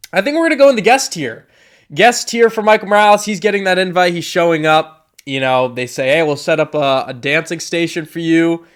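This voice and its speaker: A young man talks through a tier list in a loose, joking way. His voice sits a bit high, and he rambles, restarts and laughs at his own lines. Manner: rambling, jokey, self-interrupting. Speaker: commentator. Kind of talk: casual tier-list commentary.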